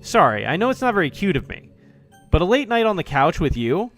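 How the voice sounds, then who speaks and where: A man's voice: high-pitched, sing-song, a little fast, a bit bright, soft background music, exaggerated voice. Man reading as a playful young woman, lilting. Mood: cozy. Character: cheerful young female club president. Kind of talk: reading visual novel dialogue aloud.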